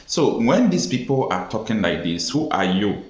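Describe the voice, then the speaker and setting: A Nigerian man giving an emphatic, deliberate political commentary monologue, pausing often. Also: on the low side, sing-song. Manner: emphatic, deliberate, with pauses and fillers. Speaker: commentary vlogger. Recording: echoey room.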